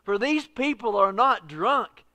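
A man preaching a sermon in a bright, ringing voice that sits a little high for a man. He swings between loud, soaring exclamations and low, hushed lines. The sound is close and dry, with no room around it. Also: animated, slow, no echo. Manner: preaching with wide swings in pitch and loudness. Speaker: pastor.

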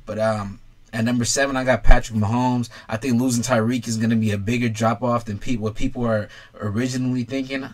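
A man's voice: mid-range voice, steady tone, a little fast. A young man in a casual sports vlog, ranking players bluntly with lots of swearing and talking straight to the fans. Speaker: sports commentator ranking quarterbacks.

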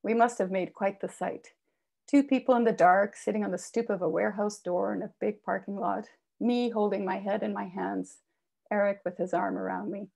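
A woman author reading a personal memoir aloud with expressive delivery. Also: medium pitch, moderate pace, creaky. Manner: expressive reading, raises voice for quoted shouts. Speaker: author reading her work.

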